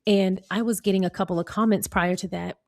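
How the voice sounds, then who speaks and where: A woman's voice: medium pitch, steady tone, brisk, vocal fry, no room sound. An American woman vlogger chatting casually with her viewers and reading an article aloud, laughing often. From United States.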